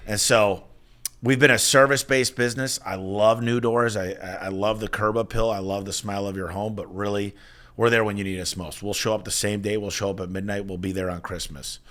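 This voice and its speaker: A man in his forties, a business owner telling stories as an interview guest in an energetic, emphatic way. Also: lowish voice, a little fast. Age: 40s. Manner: energetic, emphatic storyteller with frequent restarts. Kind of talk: casual interview talk.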